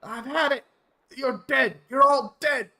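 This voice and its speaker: A man voicing a hostile male monster who snarls and shouts threats. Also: very high-pitched, slow pace, creaky, pitched above the performer's own voice, heavily acted. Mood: menacing.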